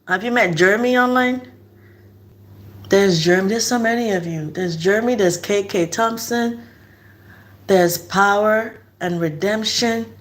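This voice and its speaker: A woman's voice: mid-range voice, fairly bright tone. A young woman from Nigeria chatting casually with her live-stream audience, laughing often and repeating herself.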